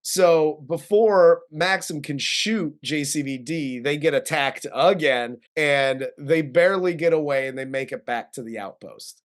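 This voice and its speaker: A man's voice: on the high side, a little slow, hardly any pauses. A man co-hosting a casual movie review chat, retelling the plot loosely and laughing often. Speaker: co-host film reviewer.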